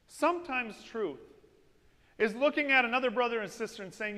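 A man preaching a sermon, telling stories with lively energy and asking his congregation "amen?". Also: extremely high pitch, normal speed. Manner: lively storytelling with call-and-response "amen?". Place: church. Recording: long reverb of a church hall.

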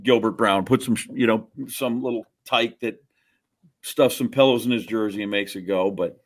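A middle-aged man from Wisconsin, co-hosting a podcast and telling a childhood story in an animated, mock-indignant, self-mocking way. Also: lowish voice, normal speed. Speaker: podcast co-host. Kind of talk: casual storytelling chat.

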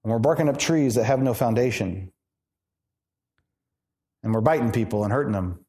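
A man pastor preaching a sermon in an animated, conversational way, asking the congregation questions. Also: mid-range voice, normal speed. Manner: animated, conversational, acts out quoted voices.

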